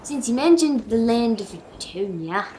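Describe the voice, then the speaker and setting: A woman's voice: a little high, animated, a little slow, warm tone, slight background noise. A woman playing a tabletop game, talking casually and searching for words. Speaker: player. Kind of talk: casual chat. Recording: roomy echo.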